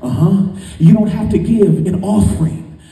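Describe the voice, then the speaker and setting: A man's voice: high-pitched, normal speed, gravelly, mellow. A man preaching a sermon as pastor, emphatic and sing-song, heard from far off in a large hall.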